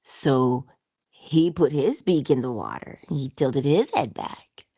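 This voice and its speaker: A woman giving a spiritual motivational talk in a soft-spoken way, often dropping into whispers, with playful, affectionate asides. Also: very deep voice, lively intonation, takes it slowly, slightly rough, no echo, studio quality. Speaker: inspirational speaker.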